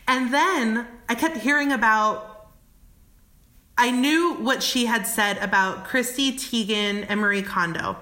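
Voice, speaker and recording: A woman's voice: fairly high pitch, a little slow, sharp tone. A woman guest on a podcast, telling a story candidly, cursing often and laughing. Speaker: podcast guest, travel company founder. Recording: echoey room.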